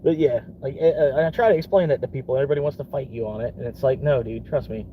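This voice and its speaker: A man's voice: mid-range voice, rapid-fire, dull audio, slight background noise. A young man from Florida in a casual rambling vlog, swearing often and laughing between thoughts. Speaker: vlogger.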